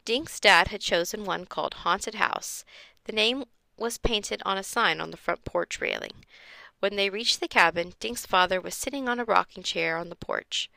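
A woman reads a children's chapter book aloud, giving each character a voice. Her tone is bright with a gravelly edge. The sound is dry and close. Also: medium pitch, moderate pace, dry recording. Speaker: reader.

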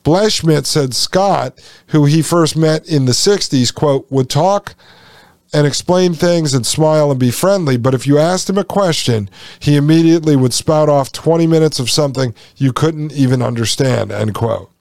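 A man with a somewhat high voice hosts a podcast, reading passages aloud and adding sarcastic, folksy remarks for his listeners. The sound is close and dry, with no room around it. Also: normal speed, darkish tone, dry recording. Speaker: podcast host.

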